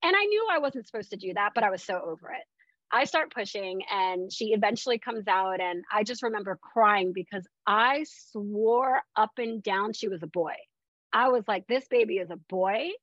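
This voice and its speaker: A woman from Florida telling her story as a podcast guest in a chatty, animated way with lots of fillers. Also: mid-range voice, moderate pace, no room sound. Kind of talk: casual personal storytelling. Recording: dull, dry lo-fi sound.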